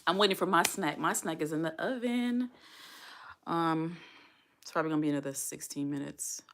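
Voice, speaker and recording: A woman's voice: deep voice, animated, moderate pace, fairly bright tone. A woman vlogging as a single mom, talking earnestly and heartfelt to her viewers and repeating herself for emphasis. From United States. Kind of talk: casual livestream talk to viewers.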